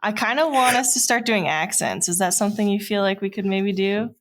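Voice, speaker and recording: A woman hosting a podcast over a video call, bubbly and teasing. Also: medium pitch. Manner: bubbly, teasing, quick to laugh. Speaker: podcast host. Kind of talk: casual chat.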